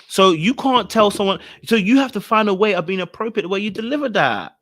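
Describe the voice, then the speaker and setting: Brief: male reaction host, expressive, a bit high-pitched, keeps repeating lines. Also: a little fast, hardly any pauses. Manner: animated, exclaiming, repeats phrases. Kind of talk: reacting to a reality show.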